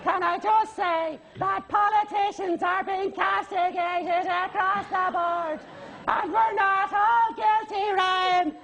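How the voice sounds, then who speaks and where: A man voicing a woman politician, defensive and scolding, with a shrill, grimacing, sing-song delivery. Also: little pitch movement, takes it slowly, creaky, bright, forceful tone, faint music behind, exaggerated voice.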